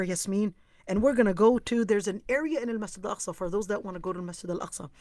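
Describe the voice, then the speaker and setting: A woman's voice: mid-range voice, quick pace, dry recording. A woman teaching a class tells a story with energy and plays each person in it. Her voice sits in a middle register. The recording is dry and close. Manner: lively storyteller, acts out quoted dialogue. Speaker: Islamic teacher leading an online class. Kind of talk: storytelling lesson.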